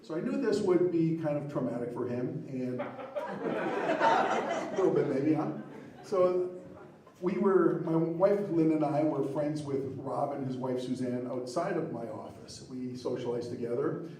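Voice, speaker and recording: A middle-aged man telling a comic story of his own at a live storytelling show, animated and laughing at his own prank. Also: fairly high pitch, unhurried, very echoey, distant mic, a crowd in the background, rough recording.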